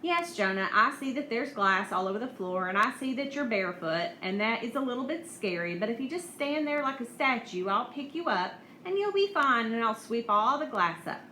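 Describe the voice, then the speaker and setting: Woman reads as a gentle, soothing mom, bright and clear, in an echoey room. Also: on the high side, animated. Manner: soothing and slow. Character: gentle reassuring mother. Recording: echoey room, faint hiss.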